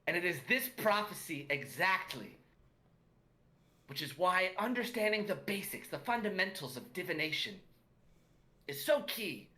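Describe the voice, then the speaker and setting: A man's voice: high voice, sing-song, normal speed, long pauses, sharp tone, voice pushed up, exaggerated voice. A man voicing a patient, wry male magic teacher who lectures his class. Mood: lecturing.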